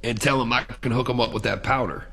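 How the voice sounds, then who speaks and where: A man co-hosting a casual talk show, joking and telling animated stories. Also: mid-range voice, fast, creaky, slightly rough. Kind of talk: casual chat.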